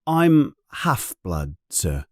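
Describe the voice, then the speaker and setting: A composed teenage boy prefect, read by a male narrator, answers politely and deferentially. His slow words rise and fall widely in pitch. The sound is dry and close. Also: very animated, darkish tone, no echo, full character voice. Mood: quiet.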